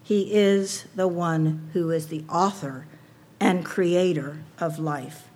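A woman's voice: fairly low pitch, slow pace, a little mellow. A woman preaching a sermon to a women's audience, earnest and personal, asking rhetorical questions.

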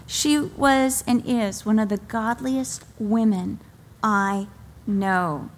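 A middle-aged woman, a pastor's wife, preaching a sermon and telling stories with acted-out quotes. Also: fairly high pitch. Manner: animated storytelling, acts out quoted voices. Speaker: pastor's wife and daughter, speaker. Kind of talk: sermon to a women's audience.

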